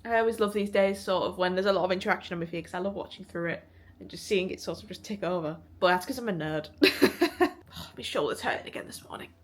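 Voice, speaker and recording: A woman's voice: on the low side, fast. A young woman chatting casually to camera in a vlog, swearing offhandedly and laughing often. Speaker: vlogger and musician.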